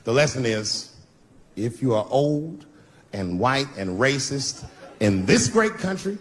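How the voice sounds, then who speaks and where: Brash middle-aged male stand-up, lively pitch. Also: slow. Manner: brash, crude punchlines with mocking asides. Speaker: stand-up comedian. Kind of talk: stand-up comedy set. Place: live comedy stage before an audience. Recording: live stage recording with audience noise.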